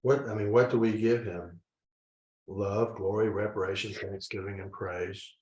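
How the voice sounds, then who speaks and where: A man with a lowish voice talks haltingly in a casual discussion and often restarts his sentences. He sounds far from the mic in a roomy, echoing space. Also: fairly even intonation, a little mellow. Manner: halting, restarts phrases while searching for words. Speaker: discussion group member. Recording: echoey room, distant mic.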